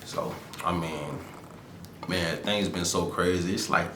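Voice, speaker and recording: Deep-voiced man ranting casually in an echoey room. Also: slow, slight background noise. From Florida, USA. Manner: laid-back slangy rant, animated asides. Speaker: podcast host. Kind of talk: casual solo commentary.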